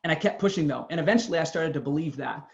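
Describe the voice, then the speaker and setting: A man with a fairly high voice gives an earnest motivational talk, pressing his points with emphasis as he tells his own story. The sound is dull and lo-fi. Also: expressive, racing, gravelly, roomy sound. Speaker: motivational speaker.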